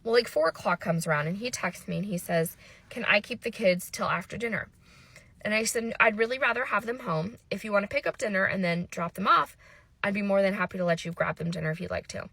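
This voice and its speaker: A woman's voice: mid-range voice, brisk, creaky, a bit bright, breathy edge, dry recording. A woman in her thirties, a mother, retelling a frightening family story in an emotional storytime monologue, intense and breathless as she quotes the dialogue. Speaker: mother telling a personal story.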